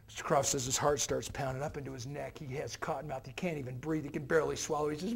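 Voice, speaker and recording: At a university event hall, a man gives a motivational keynote to students, telling stories and animatedly acting out their characters. His voice is a little high and creaky, and he talks fast with hardly any pauses.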